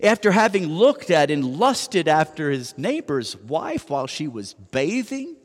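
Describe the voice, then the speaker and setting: Male pastor, slightly high voice, casual wry sermon delivery, long sanctuary reverb. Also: big pitch swings, measured pace. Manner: conversational, self-deprecating, rhetorical questions. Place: church sanctuary. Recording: long church hall reverb.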